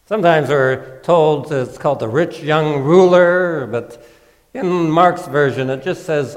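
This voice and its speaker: Slow-speaking pastor in an echoing hall. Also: male voice, on the high side. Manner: conversational and gently humorous. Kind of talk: sermon.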